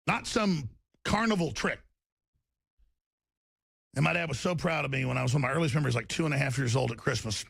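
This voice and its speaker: Gravelly, heated male talk host. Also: brisk, long pauses, fairly bright tone, no room sound, studio quality. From Texas. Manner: heated, rambling, with big pitch swings and repeated restarts. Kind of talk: impassioned political talk monologue.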